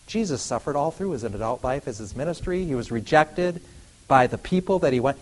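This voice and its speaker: A middle-aged man preaching to a congregation, emphatic, swinging from loud declarations to quiet asides and asking the room rhetorical questions. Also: mid-range voice, rough recording. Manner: asks the audience rhetorical questions. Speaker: lay preacher addressing a congregation. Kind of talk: sermon.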